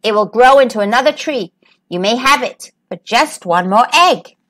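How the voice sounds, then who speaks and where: A woman's voice: on the high side, lively intonation, a bit bright. Woman doing a sly, wheedling old pig woman. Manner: slow, wheedling, bargaining. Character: sly old female pig stranger, cunning trickster.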